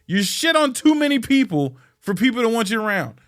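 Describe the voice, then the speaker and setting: A man from Chicago hosting a podcast, ranting in a blunt, profane, heckling way that swings between muttered asides and loud outbursts. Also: extremely high pitch, big pitch swings, a little fast. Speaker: podcast host. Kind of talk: ranting casual monologue.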